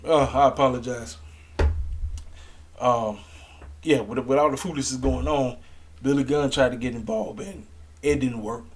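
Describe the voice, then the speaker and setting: A man giving casual, emphatic wrestling commentary to camera, talking in a slangy, animated way. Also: mid-range voice, moderate pace, long pauses. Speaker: wrestling review vlogger.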